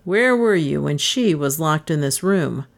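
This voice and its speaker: A woman's voice: deep voice, lively intonation, measured pace, vocal fry, full character voice. A woman reading aloud voices a grim male detective who speaks curtly through clenched teeth. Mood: menacing.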